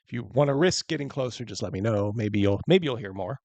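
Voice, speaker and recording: A man's voice: lowish voice, animated, fast talker, gravelly, darkish tone. Chatty man running a tabletop game. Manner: loose and chatty, laughs often. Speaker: game master.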